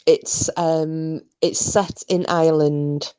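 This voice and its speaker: A woman with a notably low voice talks loosely to her live chat. She rambles from one thought to the next, doubling back on her words. It sounds like a relaxed home stream on a computer mic. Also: slow pace, clean tone. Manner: chatty, rambling, many restarts and fillers. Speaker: livestream host. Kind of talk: casual chat with live viewers.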